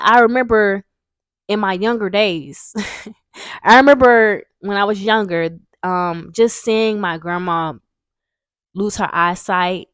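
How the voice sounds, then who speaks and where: Young woman, casual storytime vlogger, rambling and frank, swears a lot, mid-pitched voice, dry close sound. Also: no room sound. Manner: rambling, frank, swears freely, many fillers.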